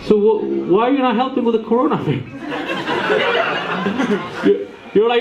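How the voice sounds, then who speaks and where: Teasing comedian working a laughing crowd. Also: male voice, very high voice. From Romania. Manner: teasing, quick banter with laughter. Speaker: stand-up comedian doing crowd work. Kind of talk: crowd work in a comedy club. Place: comedy club with a live audience. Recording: echoey room, dull sound, crowd laughter.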